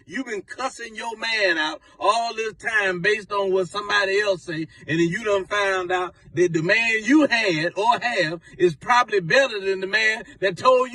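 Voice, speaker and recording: A man doing a loud, scolding comedy rant to camera, preaching at his audience. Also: high-pitched, no room sound, far from the mic, low-quality recording. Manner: preachy, loud, scolding, Southern Black vernacular.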